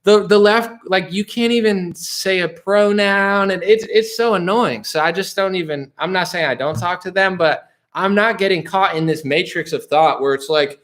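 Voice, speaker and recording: A man's voice: high voice, moderate pace, few pauses, a bit bright. Rambling man reading stream chat. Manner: rambling, restarts, dismissive asides. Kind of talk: casual political live stream chat.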